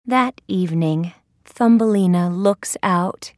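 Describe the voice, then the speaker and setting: A woman reading a simple fairy tale aloud for English learners, careful and deliberate. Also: medium pitch, expressive, no echo, clean studio sound. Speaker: storyteller.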